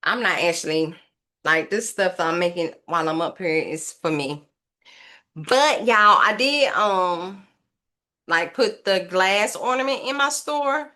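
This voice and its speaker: A woman's voice: lowish voice, a little slow, pushed and bright. A woman casually narrating a craft tutorial, thinking aloud and rambling to her viewers as she works. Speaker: craft vlogger.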